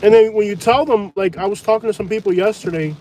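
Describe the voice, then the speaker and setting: Blunt, excitable male storm vlogger with a high voice, riding in a truck with rain faintly behind him. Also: fast. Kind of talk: live storm commentary. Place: inside a truck during a hurricane. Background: rain and wind.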